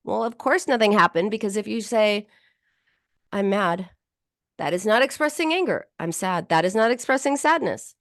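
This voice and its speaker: A woman psychotherapist hosts a talk podcast and walks through a client's story in plain explanatory speech. Her pitch rises and falls in a lively way, and she often restarts her sentences. The recording is close and dry. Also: fairly quick, hardly any pauses, no echo. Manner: explanatory, warm-paced storytelling with frequent "you know" and restarts.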